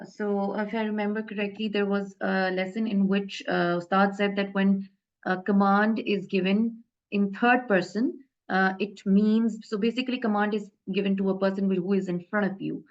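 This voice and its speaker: A woman's voice: mid-range voice, flat delivery, normal speed. Hesitant woman teaching grammar, dull audio. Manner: hesitant, many fillers and self-corrections. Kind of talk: casual online lesson explaining grammar.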